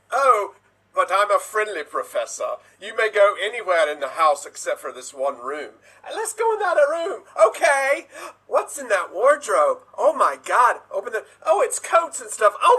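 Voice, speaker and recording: A man with a high, bright, lively voice races through an improv scene, jumping between goofy character voices. His tone is slightly husky and he is heard over a video call. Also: rough recording. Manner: switches between many quick character voices, goofy and excitable. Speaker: improv performer. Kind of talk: improv comedy scene, fast playing every part.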